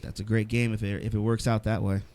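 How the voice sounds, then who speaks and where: A man's voice: on the low side, level tone, fast talker, a little mellow, dry recording. A man co-hosting a podcast, chatting bluntly about sports with frequent swearing and laughter. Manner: blunt, profane, laughs often. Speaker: podcast co-host. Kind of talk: casual sports chat. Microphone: studio mic, live-streamed show.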